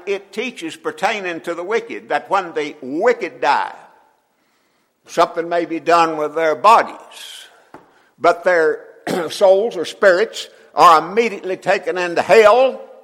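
Folksy older preacher, throat-clearing. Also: male voice, high-pitched, fairly bright tone. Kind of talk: sermon. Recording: long hall reverb.

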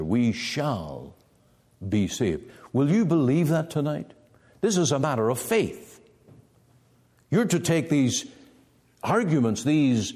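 Preacher guy, slow deliberate sermon, voice rising and dropping a lot, long hall echo. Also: darkish tone. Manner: emphatic preaching with sweeping pitch swings.

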